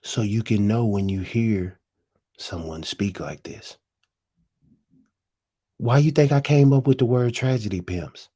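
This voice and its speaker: Male host, slow-talking street preacher energy, swears a lot, keeps asking "you understand". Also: fairly low pitch, mellow, husky. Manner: profane, preachy slang with rhetorical questions. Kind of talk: casual monologue.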